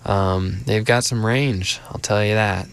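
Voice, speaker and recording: A man's voice: fairly low pitch, steady tone, measured pace, smooth. Laid-back young male radio host. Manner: easygoing, rambling, filler-heavy. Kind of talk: casual radio chat.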